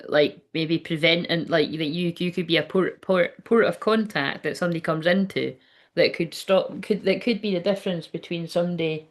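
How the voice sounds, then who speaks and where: A woman's voice: fairly low pitch, normal speed. A woman, hosting a casual livestream as a psychic medium, chatty and rambling, swearing and laughing as she goes.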